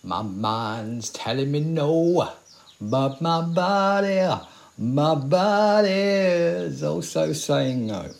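A man's voice: on the low side, animated, moderate pace, natural voice. A man in his forties acting a weary, sardonic survivor of a zombie apocalypse in an audio drama, talking in dry, rambling asides. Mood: wry. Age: 40s.

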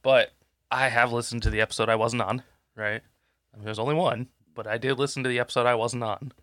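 A congested, sick man co-hosts a podcast, drifting through casual talk full of swearing and lost trains of thought. His voice is medium in pitch and a bit bright, with fairly even intonation, and he speaks fast. Recorded on a podcast microphone, the audio is studio quality with no echo.

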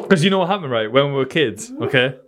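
A man co-hosting a casual chat, playful and teasing, with a mid-pitched voice. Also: a bit bright.

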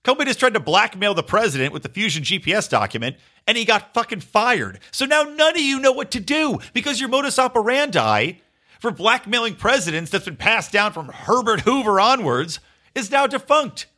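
A podcast host delivers a sarcastic, ranting political commentary monologue, swearing freely. His voice is high, sing-song, bright and forceful, at a normal speed.

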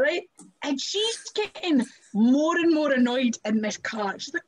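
A young woman with a high, animated voice speaks at normal speed as a guest wrestler on a podcast, and the audio is poor. She's chatty and laughs often, telling stories casually with lots of "like" fillers.

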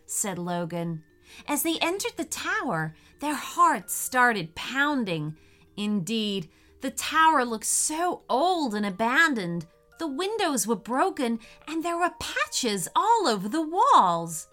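A woman narrating a children's story in an expressive, sing-song way. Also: fairly high pitch, slow pace, faint music behind.

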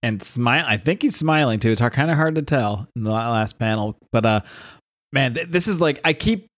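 A man's voice: mid-range voice, lively intonation, a little fast, fairly bright tone. A man co-hosting a podcast, discussing a comic in a rambling, hesitant but enthusiastic way. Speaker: podcast co-host.

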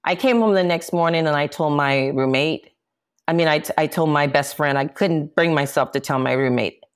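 A woman's voice: low-pitched, moderate pace, clear, resonant tone. A woman, a jazz singer, speaking as an interview guest and candidly recounting personal events with emphatic, impassioned delivery.

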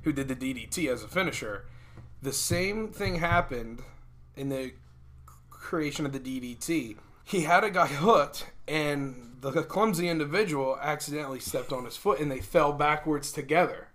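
A man's voice: a little high, moderate pace, fairly bright tone. A man hosting a podcast interview in a casual, chatty way, adding his own stories and quips. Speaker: podcast host.

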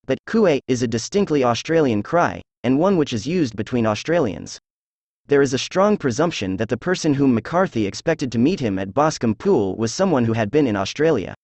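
A synthesized male voice reading the lines of a confident, precise male detective in an even, measured way. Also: medium pitch, no echo. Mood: explaining.

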